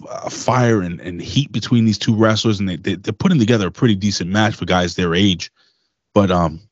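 A lower-voiced man chatting casually on a podcast, swearing freely and rambling through his stories. The sound is dry with no room to it, and slightly muffled. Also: no room sound. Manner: loose, profane, rambling storyteller. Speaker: podcast co-host. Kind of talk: casual wrestling podcast chat.

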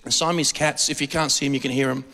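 A man giving a conversational sermon, telling lively, joking stories and acting out quotes. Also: mid-range voice, fast talker. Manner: animated storytelling with jokes and acted-out quotes. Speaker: preacher. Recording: long hall reverb.

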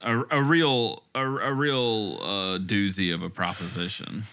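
A man's voice: lowish voice, fairly even intonation, measured pace, sharp tone, faint music behind. A man chatting casually over a game, describing things at length in a wry way. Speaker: let's play co-host. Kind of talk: casual gameplay chat.

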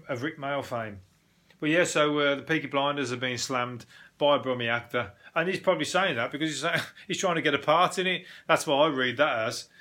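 A man's voice: medium pitch, sharp tone. A man with a Birmingham accent rambling through a sweary, comedic rant as a podcast host, restarting sentences and laughing often. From Birmingham, England.

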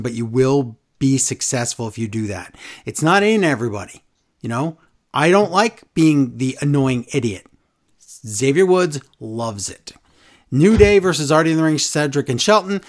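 A man co-hosting a casual wrestling podcast, ranting and mocking wrestlers with sing-song repeated lines. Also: on the high side. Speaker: podcast co-host.

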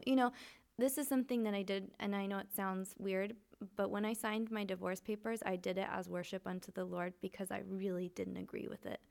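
A woman's voice: medium pitch, steady tone, fairly quick, gravelly, a little mellow. A woman sharing a personal testimony in candid, earnest conversation, full of restarts and fillers.

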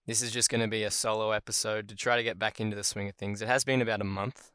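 Man, podcast host, fairly low voice, dry close sound, casual explainer, self-correcting. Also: flat delivery, quick pace, fairly bright tone, clean tone, dry recording. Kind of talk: solo word-origin podcast chat.

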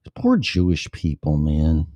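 A man's voice: rumbling low, huge pitch swings, measured pace, dark tone, no echo. A man from Illinois, hosting his own show, reading news stories aloud and breaking off into blunt, profane, sarcastic rants. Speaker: podcast host. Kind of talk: reading news with ranting commentary.

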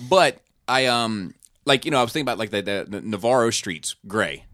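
A man talks casually with a somewhat low voice, rambling along with lots of fillers and restarts. The recording is close and dry, with no room sound. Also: animated, brisk, fairly bright tone, no room sound. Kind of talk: casual chat.

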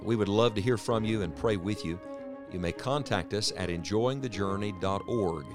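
A man hosting a radio program, delivering a calm, earnest scripted sign-off. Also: fairly low pitch, normal speed. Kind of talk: scripted closing announcement. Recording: music bed underneath.

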